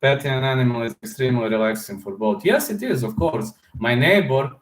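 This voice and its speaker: A man from Serbia, hosting a casual livestream with a hoarse throat and often pausing to search for words. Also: medium pitch, lively intonation, roomy sound. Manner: halting, searching for words, many fillers. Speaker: livestream host answering chat.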